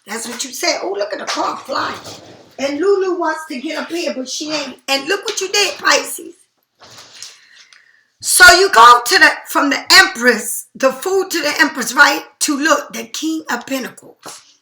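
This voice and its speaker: A woman talks through a tarot reading in a loose, slangy, animated way. Her voice sits high and sounds bright. The room around her is echoey. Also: a little slow. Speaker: tarot reader.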